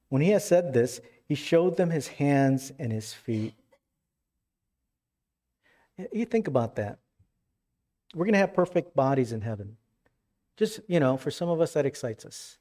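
Animated man preaching a sermon. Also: moderate pace. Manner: animated, rises in pitch when retelling scenes. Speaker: pastor.

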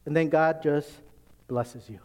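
Male pastor, slightly higher voice, casual preaching that acts out little scenes and questions the room. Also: steady tone, measured pace, a little mellow. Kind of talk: sermon.

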